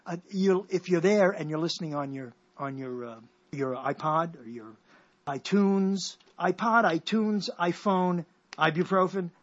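A man's voice: sits high, a little slow. A man hosting a comic radio show, riffing playfully and mock-dramatically on whatever comes to mind. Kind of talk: rambling comic radio talk. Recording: dull lo-fi radio recording.

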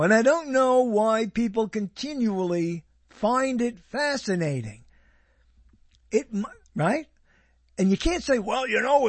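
A man's voice: high voice, dry recording. A man rambling in casual commentary, sarcastic and wandering, often breaking off his own sentences. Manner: sarcastic, wandering, self-interrupting. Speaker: video host reviewing TV listings.

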